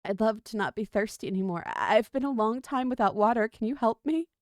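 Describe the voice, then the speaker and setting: A woman's voice: on the high side, expressive, brisk, a little mellow, no echo, studio quality. Woman playing a stammering lost man. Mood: pleading. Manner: hesitant and stammering. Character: thirsty, bewildered man lost in the desert.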